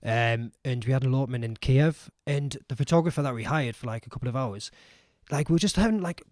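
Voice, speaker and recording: A man's voice: medium pitch, fast talker, darkish tone, dry recording, studio quality. A young man chatting as a guest in a casual podcast interview, rambling with lots of fillers and restarts. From England. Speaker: guest, wedding filmmaker.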